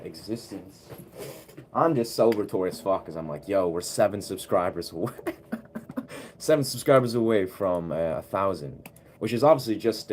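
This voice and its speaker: A man's voice: sits low, darkish tone, slight background noise. A man chatting casually on a live stream as a musician, laid-back and rambling with slangy asides. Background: keyboard music he plays.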